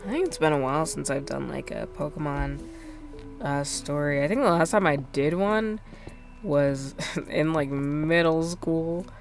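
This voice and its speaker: A woman's voice: sits low, a little slow, creaky, soft background music. A woman streamer chatting casually while she plays, rambling with lots of fillers and self-deprecating asides. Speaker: game streamer. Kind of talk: casual gameplay chat.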